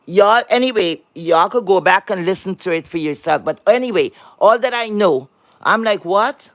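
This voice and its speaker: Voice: medium pitch, expressive, moderate pace, no echo. An online commentator in a heated monologue rant, blunt and profane, repeating words for emphasis and firing rhetorical questions at the viewers. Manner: talks to the audience directly with rhetorical questions.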